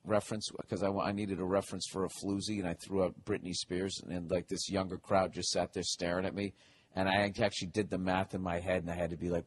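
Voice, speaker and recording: A man's voice: sits low, level tone, fast, a little hiss or hum. Rambling, profane comedy podcast host man. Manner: rambling, profane, self-deprecating. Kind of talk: solo comedic podcast monologue.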